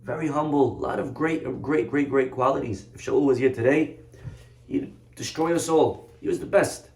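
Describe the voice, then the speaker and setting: A man, a rabbi, preaching in a lively, conversational storytelling way. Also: mid-range voice, normal speed, creaky. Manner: animated, conversational, vivid storytelling. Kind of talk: sermon storytelling. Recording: roomy echoey room.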